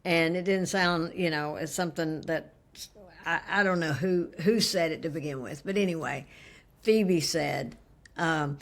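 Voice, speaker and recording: A Southern woman with a lowish voice chats casually with her co-host. She laughs often and acts out quoted lines. Her tone stays loose and conversational. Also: unhurried. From American South. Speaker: podcast co-host. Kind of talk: casual chat.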